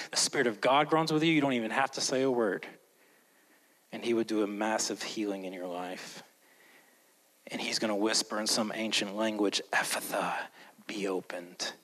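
A man preaching a sermon as a pastor, swinging between loud, emphatic lines and hushed, slow ones. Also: mid-range voice, rough recording. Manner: slows down and whispers for emphasis.

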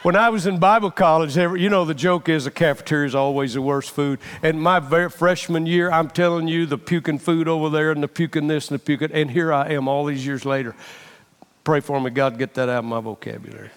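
Middle-aged male pastor, high voice, impassioned sermon delivery, long church reverb. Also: steady tone, fairly quick. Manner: impassioned, repeats phrases for emphasis.

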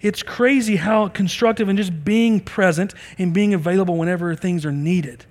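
A man's voice: high voice, normal speed, big-room sound. A middle-aged man preaching a sermon as a pastor, earnest and conversational, acting out bits of dialogue.

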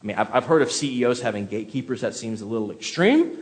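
A pastor preaching an expository sermon in a conversational way, reading scripture aloud and asking listeners to follow along in the text. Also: male voice, mid-range voice, big pitch swings, fast, few pauses, in a large hall.

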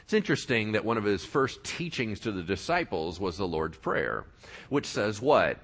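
A male pastor preaching a sermon, animated and playful, telling the story and asking his audience questions. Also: low voice, a little slow.

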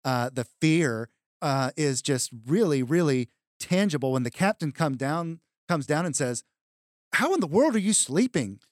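A man's voice: fairly high pitch, lively intonation, normal speed, dry recording, studio quality. A man co-hosting a casual Bible discussion podcast, explaining passages in a chatty way. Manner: conversational, explaining with fillers. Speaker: podcast co-host.

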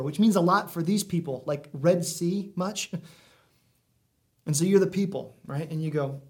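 A man's voice: a little high, a little slow, a little mellow. A man preaching a sermon in a conversational way, full of asides and questions to the congregation. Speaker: pastor.

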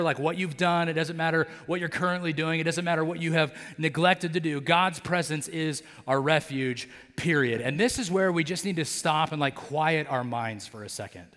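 A man's voice: a little high, a bit bright. A pastor delivers a sermon in a loose, chatty way, dropping in fillers and acting out characters' lines as he goes. His voice sits a little above average for a man. It rings out with the long reverb of a church hall. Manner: conversational, many fillers like "like" and "right?". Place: church sanctuary.

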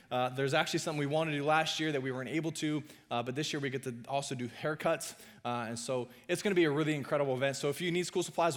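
A man preaching a sermon in a chatty, conversational way, often pausing on filler sounds and making quick asides to the congregation. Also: on the high side. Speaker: pastor.

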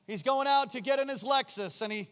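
High-voiced fervent preacher in echoing hall. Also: male voice, brisk. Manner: impassioned, sing-song cadence, swings between loud and hushed. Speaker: pastor. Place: church sanctuary. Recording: long reverb of a large hall.

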